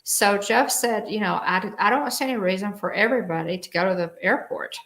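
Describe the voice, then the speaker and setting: A woman's voice: medium pitch, brisk, fairly bright tone. A middle-aged woman, co-hosting a casual live stream and rambling with many fillers and restarts. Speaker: show co-host.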